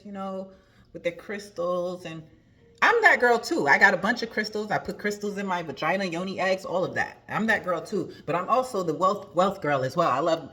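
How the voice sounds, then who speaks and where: A woman's voice: medium pitch, sharp tone. A woman hosting a motivational talk as a spiritual coach, emphatic and preachy, repeating her key phrases.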